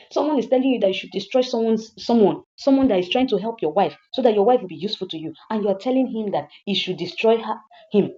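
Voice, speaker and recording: A woman's voice: medium pitch, dark tone, muffled recording. A woman with a Nigerian accent casually retelling a film's plot, repeating herself and asking the listener rhetorical questions. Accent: Nigerian English. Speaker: movie reviewer.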